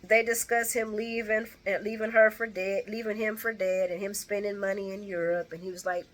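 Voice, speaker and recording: A woman's voice: mid-range voice, level tone, fairly quick. A woman casually recapping a soap opera episode, rambling with restarts and asides. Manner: chatty, rambling with frequent restarts and laughs.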